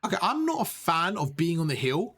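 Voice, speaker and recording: A man coaching a player through gameplay footage, direct and animated, repeating his points and calling him bro. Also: a little high, fairly quick, husky. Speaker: gaming coach.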